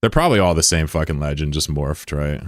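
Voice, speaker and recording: A man's voice: a bass voice, lively intonation, quick pace, dry recording, clean studio sound. A man streaming live in casual chat, joking and swearing as he reads out viewer comments. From United States. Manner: joking, profane, rambling asides.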